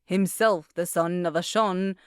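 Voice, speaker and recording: A woman voicing a warm, emotional Scottish man who talks in formal, old-fashioned Scots phrases, with a thick Scottish accent. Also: on the low side, fairly even intonation, unhurried, smooth, no echo, studio quality, close to an everyday voice.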